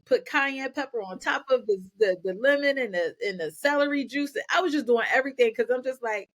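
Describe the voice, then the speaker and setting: A woman guest on a podcast, telling her own story in energetic bursts and often repeating words as she goes. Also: high-pitched, fairly quick, hardly any pauses. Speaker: podcast guest, nonprofit founder. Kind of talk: candid personal storytelling.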